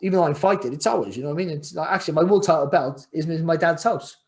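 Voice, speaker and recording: Middle-aged man, podcast guest, rambling and reflective, voice a touch high. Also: fast talker. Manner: rambling, repeats words and restarts often, reflective. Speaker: guest, former world champion boxer. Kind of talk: candid podcast interview.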